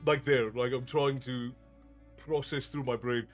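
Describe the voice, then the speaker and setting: Chatty streamer, faint Newfoundland trace. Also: male voice, mid-range voice, steady tone, faint music behind. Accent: Americanized with Newfoundland traces. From Newfoundland, Canada. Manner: pauses to think, frequent restarts. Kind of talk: casual chat with live chat.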